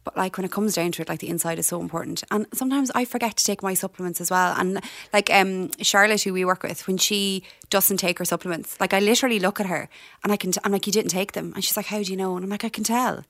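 A woman's voice: medium pitch, fairly even intonation, a bit bright, no room sound. A woman skincare professional in casual conversation, chatty with lots of "like" fillers. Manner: chatty, fillers like "like", quick storytelling. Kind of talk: casual podcast chat.

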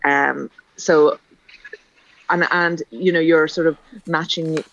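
Lady guest, gravelly voice, dry, sounds lo-fi, gushing away. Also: low voice, steady tone, slow, fairly bright tone. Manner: effusive, bubbly, repeats herself. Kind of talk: casual interview chat.

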